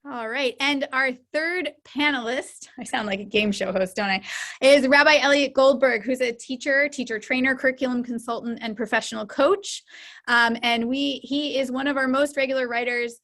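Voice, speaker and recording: A woman hosting an online study gathering, welcoming panelists and then explaining things in a measured, reflective way over a video call. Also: high-pitched, steady tone, fairly bright tone. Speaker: host and editor.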